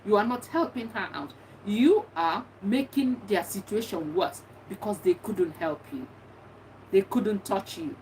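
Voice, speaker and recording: A woman's voice: mid-range voice, lively intonation, a little slow, darkish tone. Earnest middle-aged woman, distant mic. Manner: earnest, repetitive, encouraging. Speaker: bereaved mother giving advice. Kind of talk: personal testimony talk. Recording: distant mic with faint background noise.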